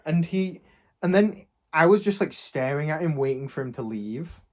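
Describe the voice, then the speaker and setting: A man's voice: on the high side, expressive, normal speed, darkish tone. Rambling young man telling a story. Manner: rambling, retells an argument with many quotes. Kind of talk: casual chat, storytelling.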